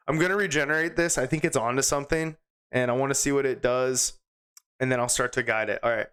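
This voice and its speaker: A man's voice: medium pitch, fairly even intonation, fairly bright tone, clear, resonant tone. A young man who chuckles and comments wryly as he reads chatbot jokes aloud and types prompts. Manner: chuckling, wry, reads text aloud quickly. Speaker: comedy video host. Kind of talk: casual commentary while reading chatbot output.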